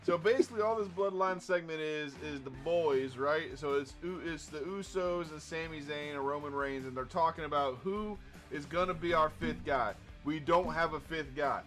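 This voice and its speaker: A man co-hosting a podcast, telling a story in an animated, profane way and quoting people as he goes. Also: on the high side, moderate pace, hardly any pauses, soft background music. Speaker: podcast co-host. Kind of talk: casual storytelling chat.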